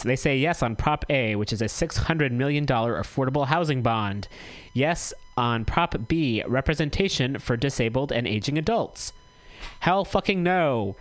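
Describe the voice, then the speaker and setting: On a casual community radio program, a mid-range male voice reads the notices conversationally and fixes his own slips as he goes. There's no room sound, but the audio quality is poor.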